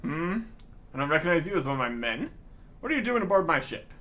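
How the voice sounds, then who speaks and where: A man's voice: a little high, sing-song, quick pace, sharp tone. A man voicing a haughty male ship captain who speaks in a pompous, formal way in game dialogue.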